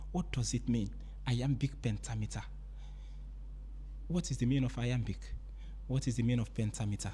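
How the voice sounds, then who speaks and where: A man's voice: fairly high pitch, husky. Guy teaching a poetry lesson, voice jumps up and down a lot, keeps rephrasing stuff. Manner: lively, repeats and rephrases points. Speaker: literature teacher. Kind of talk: explanatory lecture.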